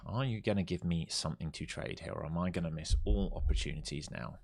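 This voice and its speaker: Low-voiced guy on a live trading stream, walks through chart levels then groans and cusses at the market. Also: quick pace, vocal fry. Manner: swings from calm chart talk to exasperated outbursts at the market. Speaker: live-streaming day trader.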